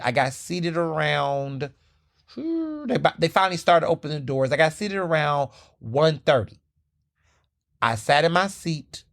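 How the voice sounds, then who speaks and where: A man hosting a podcast in a casual monologue, emphatic and profane, repeating phrases for effect and stammering on restarts when excited. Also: on the high side. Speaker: podcast host.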